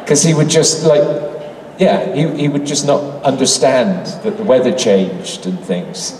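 Expressive, a little slow and slightly mellow, this mid-range male voice belongs to a British guest actor in his sixties from England. He fields fan questions on stage at a convention, self-mocking and playful. The recording is echoey and far from the mic in a big hall, with a bit of background noise.

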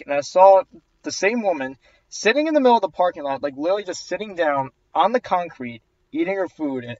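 A man's voice: mid-range voice, no echo. A young man casually narrating a story about an awkward customer, chatty and exasperated, with sarcastic asides. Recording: dull, dry, slightly lo-fi voice track.

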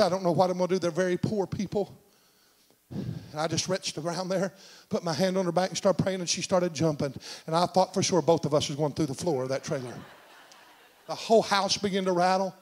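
A middle-aged man preaching a sermon in a church, telling a story and swinging from shouts to hushed tones. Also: high voice. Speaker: senior pastor. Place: church sanctuary.

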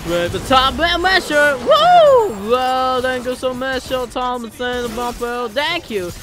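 A young man gives live gameplay commentary, breaking into bursts of loud excited exclamations. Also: extremely high pitch, measured pace. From Philippines. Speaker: gaming channel host. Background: game music.

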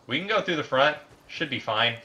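A man hosting a casual gameplay session with loud, crude banter and bursts of shouting. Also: mid-range voice, animated, fairly quick, lo-fi sound, a little hiss or hum. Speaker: let's play host.

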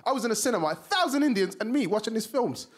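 A young man from Somalia with a South London accent, performing an animated stand-up comedy set on a TV studio stage. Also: very high-pitched, very fast. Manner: animated, acts out characters in voices. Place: TV studio stage before a live audience. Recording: live audience laughter behind.

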